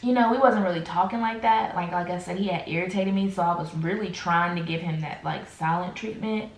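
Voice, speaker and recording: Woman vlogger, lively storytelling straight to viewers, slight vocal fry, roomy echo. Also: on the low side, brisk. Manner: animated, talks straight to viewers with slangy asides. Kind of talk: casual storytime chat.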